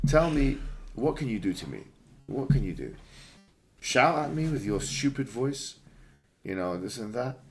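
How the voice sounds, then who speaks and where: A man's voice: medium pitch, big pitch swings, unhurried, long pauses, faint music behind. A man ranting on a livestream, taunting and mocking with frequent laughs. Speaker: stream guest. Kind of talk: heated livestream rant.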